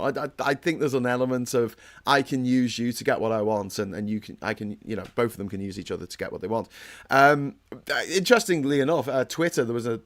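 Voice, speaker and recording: A man from Britain hosts a casual livestream and talks politics in a heated, rambling way, often stopping and restarting. He reads viewer comments aloud between his points. His voice sits at a middle pitch. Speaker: host.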